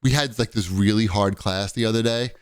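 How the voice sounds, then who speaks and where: A man's voice: fairly low pitch, fairly quick, clean tone, dry recording, studio quality. Rambling man telling a gym story. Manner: rambling storyteller, animated when quoting others. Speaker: podcast co-host. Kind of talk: casual chat.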